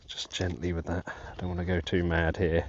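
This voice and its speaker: A man narrating his metal detecting dig to viewers, giddy and breathless with excitement. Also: low-pitched, a little fast, muffled recording. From England. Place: outdoors in a field.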